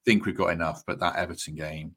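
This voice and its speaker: A man hosts a casual football podcast in a very deep voice. He talks in a chatty, easygoing way, bouncing between opinions. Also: steady tone, fast, a crowd in the background. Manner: chatty, laughs easily. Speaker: podcast host.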